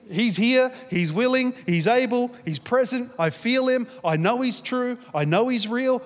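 A man delivers a sermon in a reverberant church hall. His voice sits fairly high, and his tone is easy and conversational as he tells stories. He then lifts into emphatic, repeated declarations. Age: 40s. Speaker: pastor. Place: church auditorium.

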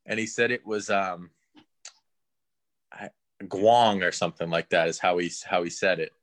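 A man's voice: low voice, fairly even intonation, normal speed, sharp tone. A man guest on a podcast, telling a casual story and laughing as he goes. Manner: laughs through his story.

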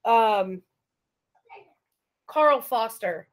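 Woman podcast host, a little high, animated and casual, swears freely. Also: very slow. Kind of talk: casual chat.

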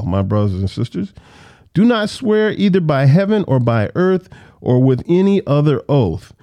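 A man teaching a casual Bible study, reading verses slowly and then explaining them in loose, conversational asides. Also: medium pitch, dark tone, no echo.

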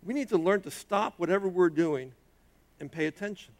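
High-voiced man preaching a sermon. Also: brisk. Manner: emphatic preaching, rising and dropping in pitch and loudness. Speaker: pastor.

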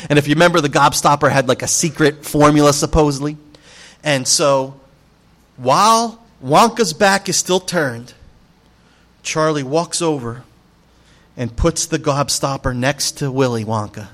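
A male pastor preaching a sermon, an animated storyteller who speaks emphatically and addresses the congregation directly. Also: on the high side, a little slow.

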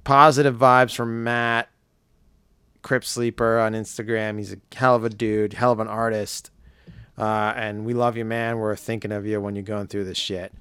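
A hoarse man hosting a podcast, chatting casually in a rambling, jokey way with some swearing. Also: fairly low pitch, level tone, normal speed, fairly bright tone, no room sound. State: hoarse, voice nearly gone. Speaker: podcast host.

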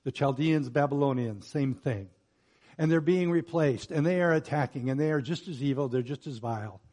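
A middle-aged man preaching a sermon as pastor, growing loud and emphatic when reading scripture and turning quiet and personal in asides. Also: medium pitch, moderate pace.

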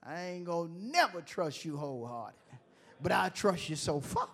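A male pastor preaching a sermon, moving from quiet, conversational asides to loud, emphatic call-and-response lines. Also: on the high side, sing-song, normal speed, vocal fry.

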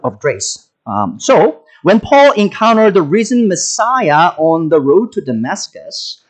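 A man's voice: high-pitched, low-quality recording. A man preaching a sermon, talking with many fillers and restarts. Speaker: pastor.

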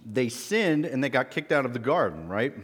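A man's voice: mid-range voice, very animated, normal speed, fairly bright tone, husky, in a large hall. A man giving a children's object lesson, quizzing the kids in a friendly, teacherly way.

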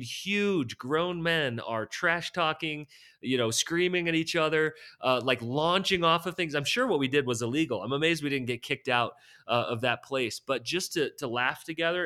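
A man's voice: mid-range voice, pushed and bright. A man hosting a podcast interview, chatty and asking practical questions. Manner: conversational, asks practical questions. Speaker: podcast host.

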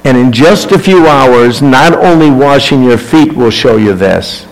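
A man's voice: mid-range voice, animated, measured pace, low-quality recording. A male pastor preaching a sermon, reading scripture and acting out the quoted lines with rising emphasis.

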